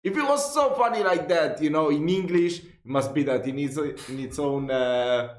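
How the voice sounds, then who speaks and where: A man's voice: fairly high pitch, moderate pace, roomy sound. A man hosting a casual reaction video, laughing and stumbling over his words.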